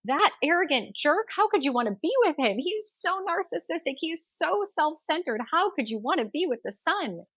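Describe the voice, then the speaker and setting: A proud young sun god in a told myth, boastful and scornful, as a woman storyteller puts him on. His voice is a touch lower than the teller's own. The room is dry and close. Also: very animated, moderate pace, fairly bright tone, husky, no room sound, exaggerated voice. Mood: mocking. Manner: boastful, then mocking.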